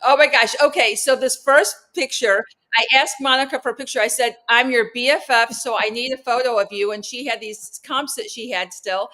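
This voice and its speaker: A woman co-hosting a talk show, telling stories in quick animated bursts with plenty of fillers. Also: a little high. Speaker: co-host. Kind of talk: casual chat.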